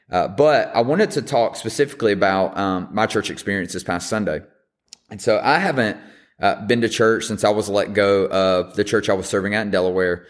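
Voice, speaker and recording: A man in his thirties hosting a podcast, talking earnestly and haltingly with many ums and restarts. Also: fairly low pitch. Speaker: podcast host. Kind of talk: personal reflective monologue.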